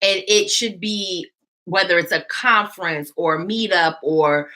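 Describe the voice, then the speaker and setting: A woman hosting a podcast in casual chat, animated and quick to laugh. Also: fairly low pitch. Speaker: podcast host.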